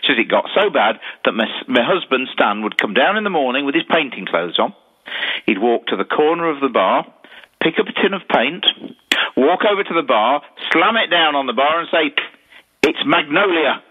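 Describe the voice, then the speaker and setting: A man telling ghost stories in a casual chat, animated, often repeating words. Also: mid-range voice, brisk, breathy edge. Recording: tinny phone-line audio.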